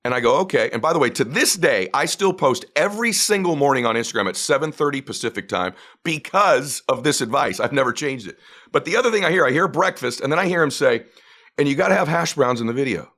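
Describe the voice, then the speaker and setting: A middle-aged man telling a story as a guest, acting out the dialogue with big jumps in pitch. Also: lively intonation, fast, a bit bright. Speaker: guest speaker. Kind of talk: animated storytelling.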